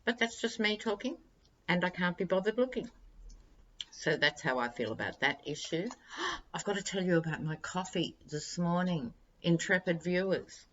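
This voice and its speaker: A woman's voice: lowish voice, animated, normal speed, a bit bright, muffled recording. A woman, chatting wryly and directly to her viewers as a tarot-reading vlog host. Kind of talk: casual monologue to viewers.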